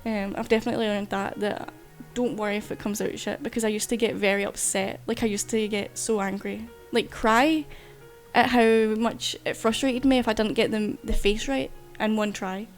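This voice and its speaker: A woman's voice: mid-range voice, steady tone, moderate pace, faint music behind. A woman artist chatting casually while streaming, rambling and swearing freely. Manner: chatty, loose, swears casually, frequent fillers. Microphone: desk mic while streaming.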